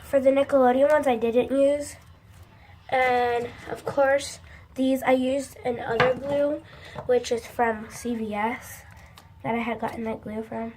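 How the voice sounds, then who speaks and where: Young woman vlogger, high voice, rambling casual chat on a phone. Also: unhurried, slight background noise. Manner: chatty, many likes and restarts; excitable, shrieks when upset. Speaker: slime collection vlogger. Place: bathroom at home. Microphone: phone held by speaker. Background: faint YouTube video in another room.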